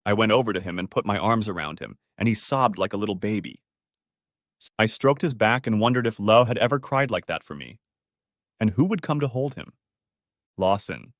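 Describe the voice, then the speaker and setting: A man narrating a dramatic first-person story in an expressive storytelling manner. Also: lowish voice, normal speed, dry recording, studio quality. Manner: expressive, switching between characters' first-person accounts.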